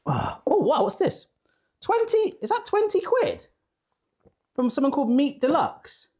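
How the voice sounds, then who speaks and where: A man's voice: very high-pitched, huge pitch swings, a little slow, darkish tone. A British man hosting a live cooking stream from a kitchen, chatty and jokey, poking fun at himself while he reads out viewer comments. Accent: British English. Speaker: cooking show host.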